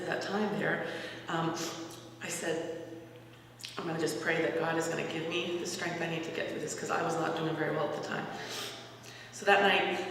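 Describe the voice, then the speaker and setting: A woman's voice: low-pitched, vocal fry, fairly bright tone, slight background noise. A woman, a campus minister, telling a personal faith story at a retreat in an earnest, conversational way with frequent restarts. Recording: echoey hall recording from far off.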